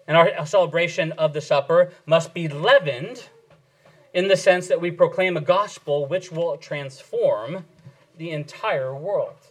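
A male pastor giving an earnest sermon lesson, pausing and restarting as he explains, then leading a prayer. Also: fairly high pitch, low-quality recording. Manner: earnest teaching with frequent fillers and restarts. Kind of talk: sermon teaching and closing prayer.

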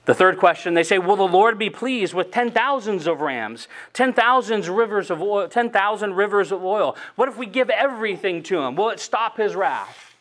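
A man's voice: high-pitched, expressive, moderate pace, fairly bright tone. A man preaching an expository sermon, reading scripture aloud and stressing key phrases with earnest emphasis.

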